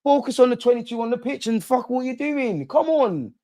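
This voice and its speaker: Very high-pitched, animated, and a little mellow, a man speaks fairly quickly as he reacts live to a football match. He hosts the watch-along, talking emotionally to the players and referee on screen in relaxed, slangy language with some swearing.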